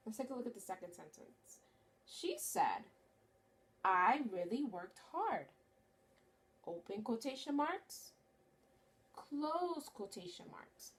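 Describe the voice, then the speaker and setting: A woman teaching a phonics lesson to young children, speaking clearly and encouragingly. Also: on the high side. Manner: slow, clear and encouraging, stretches key words.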